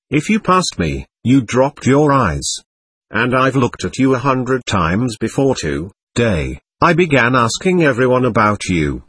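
Fiery self-accusing young woman, voiced by a man; husky, dry, animated. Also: mid-range voice, dry recording, heavily acted. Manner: impassioned, swinging between scorn and confession.

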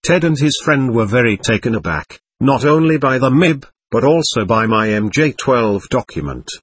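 Husky-voiced man reading a story. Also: mid-range voice, animated, moderate pace, no echo. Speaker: narrator. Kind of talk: first-person audiobook narration.

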